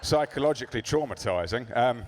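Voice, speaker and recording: A man doing a stand-up comedy set in a club, sardonic and profane with deadpan asides. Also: mid-range voice, fairly quick.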